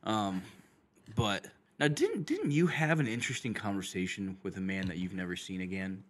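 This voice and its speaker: Low, lively man co-hosting a podcast. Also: normal speed. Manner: reacts with short amazed replies. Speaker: podcast co-host. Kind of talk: casual podcast chat.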